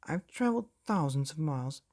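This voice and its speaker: A man's voice: fairly high pitch, lively intonation, fairly quick, darkish tone. A man voicing a flustered, put-upon middle-aged father who splutters in exasperation. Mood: indignant.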